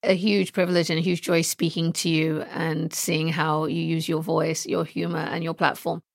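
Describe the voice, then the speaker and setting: A woman's voice: deep voice, little pitch movement, normal speed, creaky, dry recording, studio quality. A woman hosting a podcast, speaking in a composed, articulate way through the interview and the scripted outro. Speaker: podcast host.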